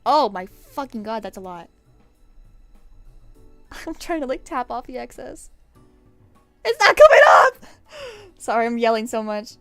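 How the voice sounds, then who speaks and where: A woman's voice: on the high side, normal speed, long pauses, no echo, faint music behind. Sick young woman rambling and swearing. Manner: rambling and swearing, with sudden loud outbursts. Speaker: streamer. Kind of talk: casual chat while painting nails. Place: at home at her desk.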